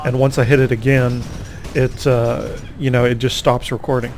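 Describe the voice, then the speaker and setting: Brief: man, mid-range pitch, casual gameplay commentary, self-mocking, faint noise behind. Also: flat delivery, moderate pace, a little mellow. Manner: rambling, self-mocking, reacts aloud to the game. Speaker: gamer recapping a tournament.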